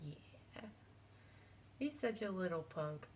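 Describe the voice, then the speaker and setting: A woman's voice: on the low side, measured pace, long pauses, slight background noise. A woman, a quilting vlogger chatting casually at home, rambling with many fillers and restarts. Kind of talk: casual chat. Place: home with cats.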